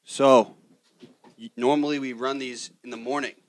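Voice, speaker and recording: A man's voice: mid-range voice, steady tone, moderate pace, very noisy. A man hosting a podcast, chatting casually, laughing often and rambling loosely. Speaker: podcast host. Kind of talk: casual chat.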